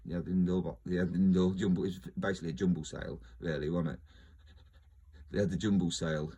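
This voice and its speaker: Man, husky, lowish voice, casual joking monologue. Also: level tone, fairly quick, dark tone, highs cut off. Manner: jokey, laughs often, trails off and restarts. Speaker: video host.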